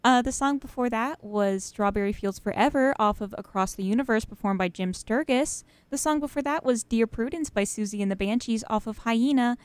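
A woman's voice: fairly high pitch, brisk, hardly any pauses, smooth, dry recording. A young woman hosting college freeform radio, chatting casually and rambling between songs with lots of fillers and laughs. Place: radio studio.

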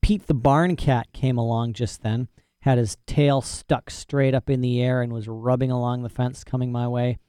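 A man's voice: mid-range voice, fairly even intonation, normal speed, mellow, smooth, no echo, clean studio sound. A man narrating a story in first person with a folksy, boastful manner and rural dialect grammar. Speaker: audiobook narrator.

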